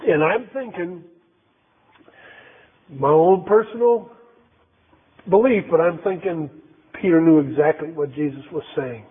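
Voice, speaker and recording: A man's voice: a little high, unhurried, pauses often, slightly rough. A man preaching a sermon in a conversational, emphatic way, repeating phrases for effect. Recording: tinny phone-like sound.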